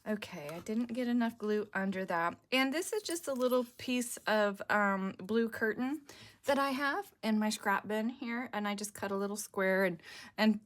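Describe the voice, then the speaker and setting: A woman's voice: medium pitch, moderate pace, fairly bright tone. Chatty woman with a sore throat. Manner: chatty and rambling, thinking aloud. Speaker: junk journal crafter on a design team. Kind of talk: casual crafting tutorial.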